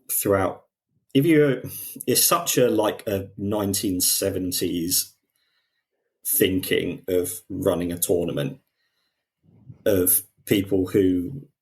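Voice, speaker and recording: Male podcast co-host, deep voice, lively, restarts sentences. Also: slow pace. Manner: animated, quotes people in put-on voices, frequent restarts. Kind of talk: casual discussion.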